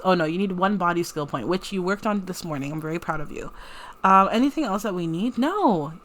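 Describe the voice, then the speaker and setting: A woman's voice: fairly low pitch, expressive, brisk, fairly bright tone. A young woman giving casual, giggly commentary as she plays and tells a story through a life-sim game. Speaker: game streamer. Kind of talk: casual let's-play commentary.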